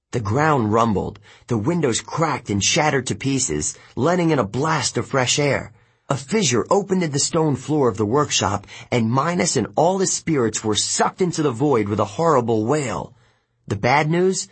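A man narrating an audiobook in the first person, telling the story in a steady, even way. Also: mid-range voice, normal speed, husky.

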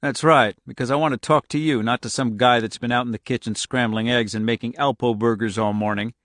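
A man's voice: mid-range voice, steady tone, brisk, a bit bright, no room sound, clean studio sound, close to an everyday voice. A man voicing a menacing, bullying male federal agent who taunts and threatens.

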